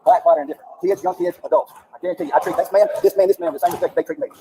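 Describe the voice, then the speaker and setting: A man's voice: a little high, steady tone, racing, warm tone, slight background noise, rough recording. A man in his fifties, a PE teacher, insistently explaining himself over and over in an argument with a student. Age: 50s.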